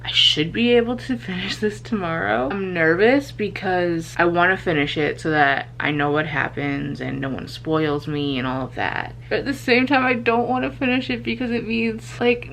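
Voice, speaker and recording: A woman's voice: on the low side, slight background noise, rough recording. A young woman vlogging to a handheld camera at home late at night, gushing and swearing about a book while tired. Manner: gushing, excitable, swears freely.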